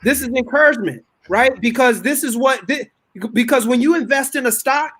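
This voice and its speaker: High-voiced man cutting in to lecture. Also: normal speed, fairly bright tone. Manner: keeps cutting in with "hold on", lectures with repeats. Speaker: talk show co-host. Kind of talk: heated casual debate.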